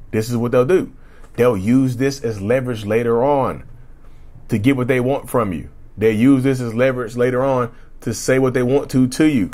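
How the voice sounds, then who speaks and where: A man hosting a casual solo podcast, talking in a rambling, repetitive way with a slightly rough throat he keeps clearing, and often asking the listeners "right?". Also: medium pitch, a little mellow. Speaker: podcast host.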